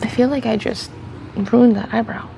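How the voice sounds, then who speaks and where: A woman's voice: on the high side, steady tone, normal speed, creaky, background noise. A woman livestreaming while getting ready, chatting casually and rambling as she answers viewers' questions on a close mic. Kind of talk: casual get-ready-with-me stream chat. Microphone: close streaming mic.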